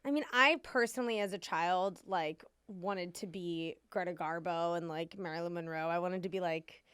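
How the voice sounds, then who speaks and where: A woman's voice: lowish voice, moderate pace, fairly bright tone, clear, resonant tone, no room sound. Woman podcast host, dry close sound. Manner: chatty, sincere, uses many "like" fillers. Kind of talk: casual chat.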